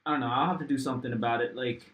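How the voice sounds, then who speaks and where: A man's voice: medium pitch, steady tone, rapid-fire, fairly bright tone. A young man livestreaming while he codes, thinking aloud in a casual, rambling way, swearing often and talking to his chat. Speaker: livestreaming programmer. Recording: roomy echo.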